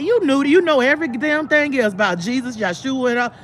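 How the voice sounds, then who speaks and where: A woman hosting her own livestream, telling a long story to her viewers in a blunt, profane, rambling way, full of restarts, and bursting into animated impressions of the people in it. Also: sits high, brisk, slight background noise. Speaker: livestream host. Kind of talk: casual live storytelling to viewers.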